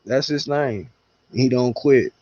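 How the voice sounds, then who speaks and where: A man's voice: medium pitch, slow pace, dark tone, no echo. A man talking boxing in a blunt, slangy, profane way as a podcast co-host. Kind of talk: casual boxing chat. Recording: dull dry lo-fi audio.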